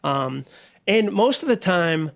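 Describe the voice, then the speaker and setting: Upbeat, slightly high-voiced man telling stories. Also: vocal fry. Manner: animated storyteller, quick asides and self-deprecating humor. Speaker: guest speaker and author. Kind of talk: conversational podcast interview.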